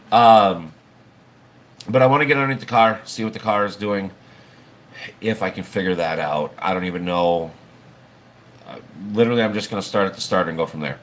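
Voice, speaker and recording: A man's voice: low voice, normal speed, slight background noise. A man hosting a livestream, chatting casually in a rambling, folksy way and swearing now and then. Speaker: livestream host.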